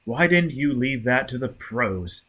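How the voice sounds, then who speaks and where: A man reading an audiobook, voicing a sharp, commanding young male officer who snaps out curt, impatient questions. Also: mid-range voice, lively intonation, measured pace, husky, full character voice. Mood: sharp, demanding. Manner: snappish, curt, exasperated.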